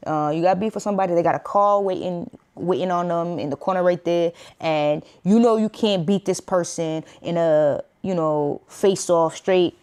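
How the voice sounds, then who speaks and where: A woman with a New York accent giving casual reaction commentary as a streamer. She talks in slang, breaks into laughs between points, and jumps up into high asides. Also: normal speed, hardly any pauses, a little mellow, clear, resonant tone.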